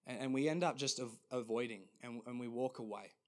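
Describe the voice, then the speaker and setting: Male pastor, mid-range voice, earnest sermon with halting restarts. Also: mid-range voice.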